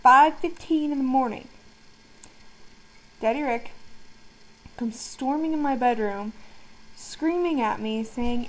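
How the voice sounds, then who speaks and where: High-voiced teen girl rambling to camera. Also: measured pace, long pauses, low-quality recording. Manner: rambling, giggly storytelling. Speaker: vlogger. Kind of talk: casual chat to camera.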